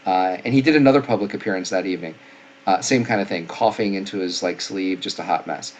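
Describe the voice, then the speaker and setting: Snarky male medic commentator, low voice, casual and opinionated, lots of fillers. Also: quick pace, highs cut off, a little hiss or hum. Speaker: paramedic and nurse commentator.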